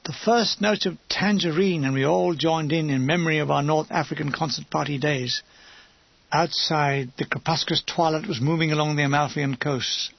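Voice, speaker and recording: Man, audiobook narration, wry storytelling, husky tone, dead-dry dull lo-fi sound. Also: fairly high pitch, normal speed, dry recording. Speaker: audiobook reader. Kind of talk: audiobook narration of a comic war memoir.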